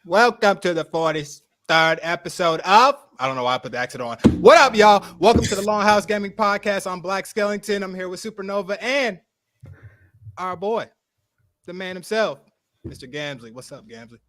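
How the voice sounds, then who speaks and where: A man hosting a casual gaming podcast, energetic and talking straight to his viewers. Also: high voice, brisk. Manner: energetic, hype, calls out to viewers. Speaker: podcast host.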